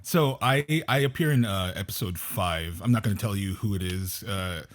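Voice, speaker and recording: A man's voice: low-pitched, moderate pace. A man, an actor and panelist, chatting casually and telling stories with frequent laughter. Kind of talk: casual chat.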